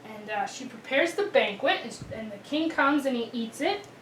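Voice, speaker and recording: A woman telling children a Bible story in a chatty, animated way, with many restarts. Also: fairly high pitch, normal speed, slight background noise. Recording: roomy, distant mic.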